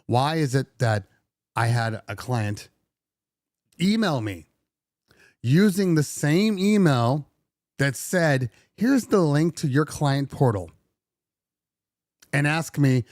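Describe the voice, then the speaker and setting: A middle-aged DJ podcast host vents animatedly during a casual livestream, slipping into sarcastic put-on voices. His voice is on the high side and darkish in tone, and he speaks slowly with long pauses. The recording is dry and studio-clean.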